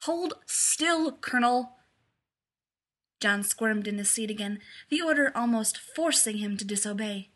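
A woman narrating a fan fiction story aloud in a lively, amused way. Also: medium pitch, normal speed, few pauses.

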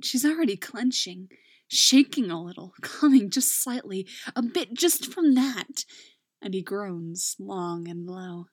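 A woman narrating a romance story in a soft voice that drops into whispers. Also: medium pitch, animated, slow, dry recording, studio quality.

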